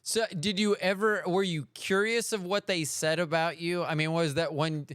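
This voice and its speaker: A male podcast host asks rambling questions that keep breaking off and restarting. His voice sits fairly high and sounds smooth and clear. The sound is dry and close. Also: fairly even intonation, normal speed, a bit bright, no echo. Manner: rambling, self-interrupting questions. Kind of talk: casual interview chat.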